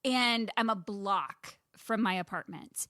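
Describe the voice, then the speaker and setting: Female podcast host with a bright, higher voice and a dry close-mic sound. Curious and reactive. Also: takes it slowly, dry recording. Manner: reactive, laughs and gasps, curious. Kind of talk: casual interview chat.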